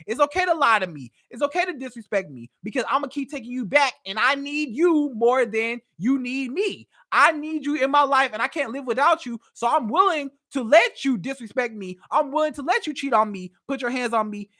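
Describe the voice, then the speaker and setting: A high, bouncy female voice swoops up and down as she lectures on a livestream. She is a dating coach, emphatic and animated, pressing her points with repeated rhetorical questions. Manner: animated, emphatic, acts out a cheating man. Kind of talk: livestream advice talk. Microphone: livestream setup.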